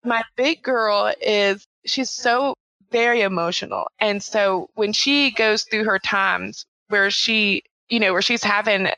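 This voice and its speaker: This is a woman in her thirties with a bright, forward tone, telling stories about her children in casual conversation. She animates the quotes with little voices and laughter. The sound is dry and close. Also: medium pitch, steady tone, takes it slowly, no room sound, low-quality recording. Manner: chatty storyteller, acts out quoted voices with laughs. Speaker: podcast guest, mother of three. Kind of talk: casual interview chat.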